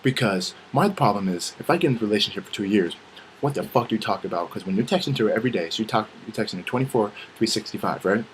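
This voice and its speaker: The recording is low quality with a bit of hiss or hum, carrying a young man's lowish voice at a quick pace. This vlogger rants comically and casually, swearing heavily and animatedly acting out quoted lines.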